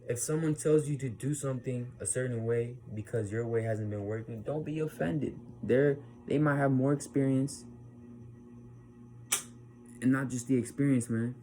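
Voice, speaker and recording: A man's voice: mid-range voice, fairly even intonation, moderate pace, warm tone, a little hiss or hum. A young man giving a loose, rambling motivational talk to camera, often adding "man" and acting out the people he quotes. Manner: frequent "man" tag words. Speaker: vlogger. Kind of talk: casual motivational monologue.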